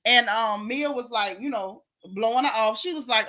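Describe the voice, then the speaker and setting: A woman, hosting a casual gossip recap of a reality show, sassy and animated, reading chat comments aloud. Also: a little high, normal speed, few pauses.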